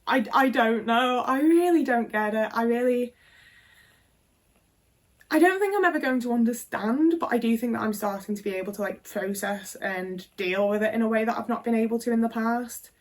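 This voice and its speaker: A woman's voice: on the high side, moderate pace. A woman in her twenties, telling a personal story frankly and casually, swearing often and filling with "like". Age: 20s. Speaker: vlogger.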